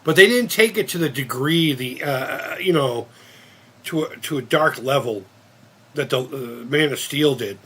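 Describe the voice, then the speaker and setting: A man's voice: mid-range voice, expressive, measured pace, a bit bright, breathy edge. A man of fifty hosting a casual live-stream chat, rambling and cursing with many restarts. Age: 50s. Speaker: channel host.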